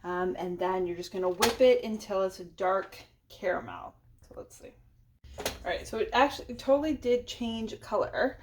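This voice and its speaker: A woman's voice: medium pitch, animated, normal speed, noisy background. A woman, a parent, chatting casually and nervously as she cooks, with many ums and likes. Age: adult parent. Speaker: cooking vlogger. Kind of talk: casual cooking vlog chat.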